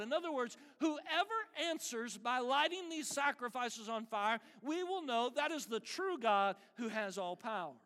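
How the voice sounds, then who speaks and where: A man preaching a sermon as pastor, emphatic and animated with dry humor. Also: extremely high pitch, unhurried, hardly any pauses. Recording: long reverb of a large hall.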